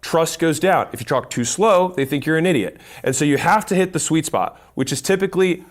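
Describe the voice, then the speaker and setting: A man giving a fast-paced, punchy talk to camera, teaching how to sell. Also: a little high, animated. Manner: fast-talking, punchy and emphatic. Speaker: sales educator.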